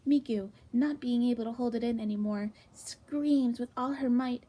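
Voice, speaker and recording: A woman reading comedic fanfic aloud in a hushed, half-whispered voice with sudden jumps in pitch. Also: moderate pace, hardly any pauses. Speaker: fanfic reader.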